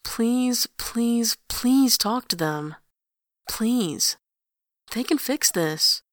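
A woman's voice: fairly high pitch, animated, measured pace, no echo, studio quality, voice pushed up. A woman voicing an anxious young man who talks earnestly and presses his point. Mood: urgent pleading.

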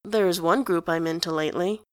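A woman voicing an earnest teenage boy who answers in a grave, deadpan way in a storybook reading. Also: fairly low pitch, moderate pace, clear, resonant tone, dry recording, clean studio sound, natural voice. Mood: solemn.

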